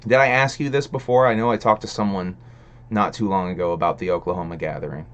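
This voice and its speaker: A man with a somewhat low voice hosts a casual livestream, talking loosely with lots of swearing and filler. He rambles from thought to thought and answers his viewers' chat messages as he goes. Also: fast talker, highs cut off. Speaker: livestream host reading chat.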